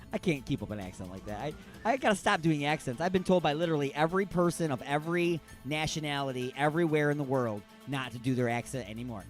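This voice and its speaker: A man's voice: fairly high pitch, animated, fast talker, few pauses, soft background music. A man hosting a radio show, riffing on odd news stories in a rambling, mock-outraged way.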